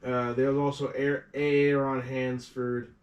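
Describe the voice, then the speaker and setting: Male co-host, halting and filler-heavy; distant mic, roomy sound. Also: mid-range voice, little pitch movement, highs cut off. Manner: hesitant, full of "uh", reads prospect notes aloud. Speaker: podcast co-host. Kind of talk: casual sports chat.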